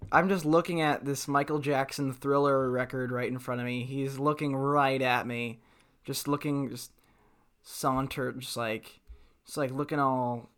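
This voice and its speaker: A man's voice: mid-range voice, a bit bright, smooth. A young man co-hosting a comedy improv podcast, joking around in a playful, offbeat way. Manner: creepy whispering bits, playful. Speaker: podcast co-host.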